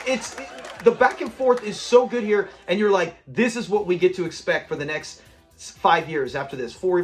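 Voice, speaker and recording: High-voiced enthusiastic male commentator. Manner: enthusiastic, acts out quoted lines. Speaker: channel host. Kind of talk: episode breakdown commentary.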